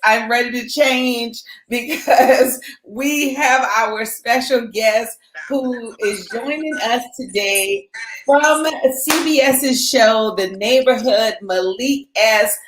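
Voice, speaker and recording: A woman's voice: fairly high pitch, takes it slowly, fairly bright tone, slight background noise. A woman hosting a talk show in a chatty, playful, informal way. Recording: echoey room.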